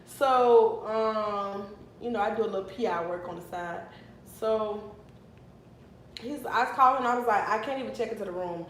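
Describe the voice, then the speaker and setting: A young woman in her twenties telling a long story to her viewers in a casual, animated and profane way. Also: mid-range voice, moderate pace, roomy sound, slight background noise, rough recording. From Miami, Florida. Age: 20s. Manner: animated and profane, flaring into mock anger.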